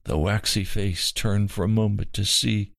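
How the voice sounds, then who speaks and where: A man reading a story aloud in an earnest, measured way. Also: fairly low pitch, fairly even intonation, gravelly, a bit bright, dry recording. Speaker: reader. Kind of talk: storytelling narration. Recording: dry close recording.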